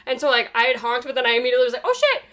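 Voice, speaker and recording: A woman, co-hosting a podcast and telling stories with animated, sweary energy. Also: on the high side, racing. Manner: animated storytelling, yells quoted lines, swears freely. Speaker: podcast co-host. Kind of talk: casual chat.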